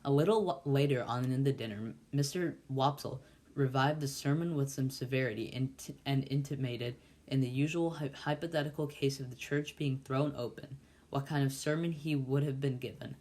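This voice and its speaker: A man reading a classic novel aloud as a volunteer, halting and often stumbling and restarting words. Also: medium pitch, a little mellow. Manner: halting, with frequent slips and restarts. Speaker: volunteer reader.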